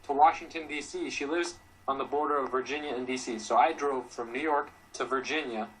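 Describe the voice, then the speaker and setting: A man's voice: medium pitch, steady tone, brisk, fairly bright tone, rough recording. American man, slight hiss behind. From United States. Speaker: guest.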